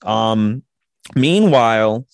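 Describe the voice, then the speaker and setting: Rambling, foul-mouthed podcast host. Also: male voice, on the low side, animated, extremely slow, gravelly, smooth, dry recording, studio quality. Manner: rambling, profane, with lots of fillers and restarts. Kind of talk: casual chat, recapping anime.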